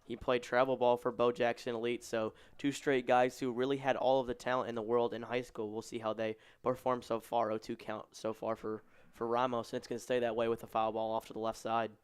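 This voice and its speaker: Male color analyst, level monotone delivery, smooth voice, casual explanations between pitches. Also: brisk, hardly any pauses. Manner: conversational, adds background and analysis. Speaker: color commentator. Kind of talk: live baseball color commentary.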